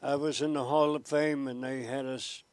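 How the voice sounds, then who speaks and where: A man in his seventies, a former TV weatherman, telling lively anecdotes as an interview guest. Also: medium pitch, moderate pace, no echo. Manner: animated storyteller who jumps between voices.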